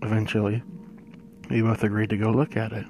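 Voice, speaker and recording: A man telling a first-person horror story, hushed and suspenseful, with drawn-out pauses. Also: lowish voice, flat delivery, background noise.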